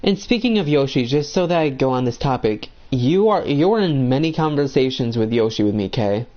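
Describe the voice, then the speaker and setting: A man's voice: mid-range voice, expressive, moderate pace, highs cut off. Heated young man ranting while gaming. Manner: blunt, heated, heavy swearing.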